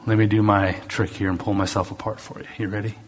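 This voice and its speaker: A middle-aged to older man preaching a sermon with a Southern US accent mixed with Canadian, reading scripture with loud emphasis and dropping into quick, soft asides. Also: on the low side, little pitch movement, a little hiss or hum.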